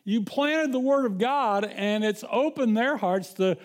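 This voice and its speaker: A pastor with a notably high voice delivers his sermon in an easy, conversational way. He stumbles and restarts often as he talks, then slows down to read scripture aloud.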